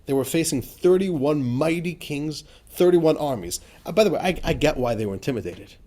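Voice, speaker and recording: Rabbi teaching class, high and very expressive voice, informal, asks the room questions. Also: male voice, normal speed. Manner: animated, asks the listeners rhetorical questions; chatty and informal, with frequent fillers like "right?" and "you know". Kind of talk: explanatory lesson on a religious text.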